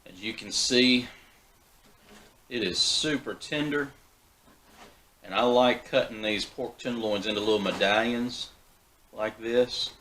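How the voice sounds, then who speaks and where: Man, fairly low voice, folksy, easygoing backyard barbecue vlog. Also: a little slow, pauses often, a little hiss or hum, poor audio. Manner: relaxed, folksy, with frequent fillers and restarts. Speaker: backyard BBQ channel host. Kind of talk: casual cooking vlog.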